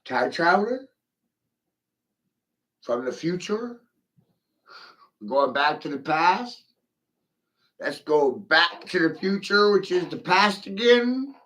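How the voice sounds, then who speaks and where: A man's voice: high-pitched, very animated, slow pace, pauses often, fairly bright tone, low-quality recording. A middle-aged man ranting profanely in a rambling livestream monologue, speaking straight to a viewer.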